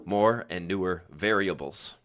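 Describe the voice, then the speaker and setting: A man's voice: low-pitched, a little slow, a bit bright. A man hosting a casual live-stream chat, explaining at length and laughing often. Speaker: podcast host answering questions.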